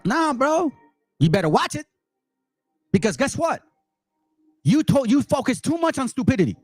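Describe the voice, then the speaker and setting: Animated man from Peru doing reaction commentary. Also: very high-pitched, fairly quick, long pauses, no room sound, faint music behind. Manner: animated, talks straight to viewers. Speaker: channel host.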